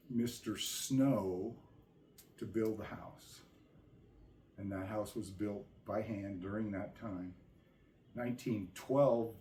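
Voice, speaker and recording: A man telling a family history in a casual, unhurried way, pausing to think as he goes. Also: on the low side, dark tone, echoey room, slight background noise. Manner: unhurried, thinking aloud with ums. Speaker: family member recounting history.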